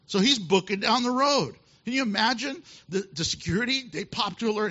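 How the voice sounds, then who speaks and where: A male pastor preaching a sermon, telling a Bible story with animated asides and laughter. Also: high voice, moderate pace. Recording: dull lo-fi sound.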